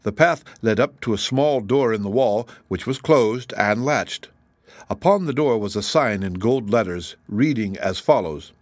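A man narrating a children's book chapter in a steady, measured reading. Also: fairly low pitch, no room sound, clean studio sound. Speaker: audiobook narrator. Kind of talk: scripted narration.

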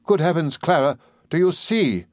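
Brief: shrill, stern spinster woman, cold and scolding, storybook reading, high and sharp, a man putting her on. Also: big pitch swings, dry recording, studio quality. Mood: alarmed. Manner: scolding, clipped, drawn-out words.

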